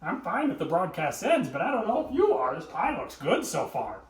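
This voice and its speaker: A man's voice: sits high, wildly swooping pitch, moderate pace, crowd noise. Joking man, far off in an echoey room. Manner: joking, bantering with chat, laughs often. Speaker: livestream cooking host. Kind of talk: casual live-stream chat with viewers.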